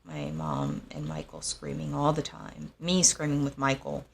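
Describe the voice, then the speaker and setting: Young woman, low gravelly voice, talks slow and halting, lots of pauses, telling her own story. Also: very animated, slight background noise. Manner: halting, soft-spoken, with frequent pauses and fillers. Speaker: host. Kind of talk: personal storytelling monologue.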